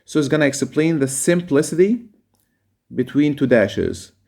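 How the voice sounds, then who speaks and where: A man teaching a reading lesson, reading a passage aloud and explaining its words with pauses and fillers. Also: on the high side, lively intonation, creaky, warm tone.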